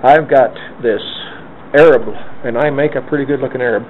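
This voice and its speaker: Man in his fifties telling a lively story. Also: medium pitch, brisk. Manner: lively anecdotal storyteller, acts out quoted lines. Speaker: interviewee. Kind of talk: oral history storytelling. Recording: narrow phone-like band with faint hiss.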